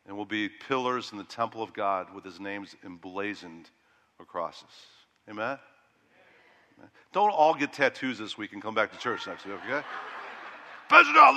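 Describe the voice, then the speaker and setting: Middle-aged male pastor, bright and forceful delivery, long hall reverb, loud-to-hushed swings. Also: mid-range voice. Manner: animated preaching that rises loud and drops to hushed. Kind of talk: sermon.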